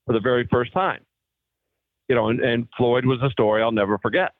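A man's voice: medium pitch, fairly quick, no room sound. Man telling golf stories over a tinny phone. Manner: animated storyteller acting out quoted voices. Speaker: guest golfer. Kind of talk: casual storytelling.

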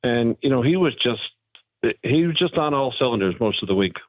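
A former pro golfer, a man, talking haltingly but frankly as a phone-in guest on a radio interview. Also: mid-range voice, animated, no room sound. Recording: tinny phone line.

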